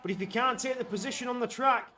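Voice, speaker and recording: A man giving live commentary on an online racing league, getting excitable and loud when the action heats up. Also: very high voice, fast, a little hiss or hum. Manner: excitable, rises to shouts at action.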